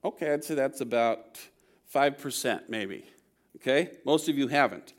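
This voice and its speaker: A man's voice: medium pitch, expressive, a little slow. A man preaching a sermon to his congregation, conversational, with playful humor and frequent checks like "okay?". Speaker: pastor.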